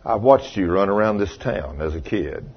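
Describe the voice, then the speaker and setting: A man's voice: sits low, expressive, normal speed, slightly rough. An older man preaching a sermon, telling a folksy story and acting out what people said. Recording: dull lo-fi sermon recording.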